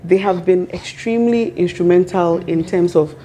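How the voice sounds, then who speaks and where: A woman speaks on a business webinar panel in a casual, animated way, with a mellow tone. She tells stories and laughs often. A faint hiss of noise sits under her voice. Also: fairly low pitch, normal speed.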